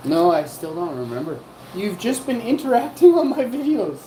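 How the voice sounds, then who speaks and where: A woman's voice: medium pitch, sing-song, normal speed, warm tone, a little hiss or hum, poor audio. A woman hosting a livestream, rambling and joking as she teases people in the chat. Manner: rambling, joking, teasing chatters. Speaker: livestream host. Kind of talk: rambling live-chat banter.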